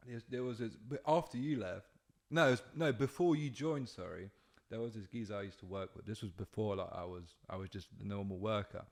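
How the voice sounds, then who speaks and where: A man's voice: fairly low pitch, a little mellow. A young man, hosting a podcast and swapping work stories in casual chat, swearing freely and acting out quotes. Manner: swearing, storytelling with acted-out quotes. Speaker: podcast host.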